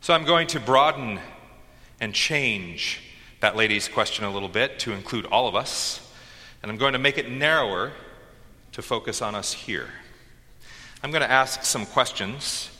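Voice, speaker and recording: A man preaching a sermon from a church pulpit, his voice strikingly bright and forceful. He builds with dramatic pauses and bursts of rising energy. Long reverb from the sanctuary trails behind every phrase. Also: medium pitch. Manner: dynamic preaching with dramatic pauses and shouted call-and-response lines. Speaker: pastor.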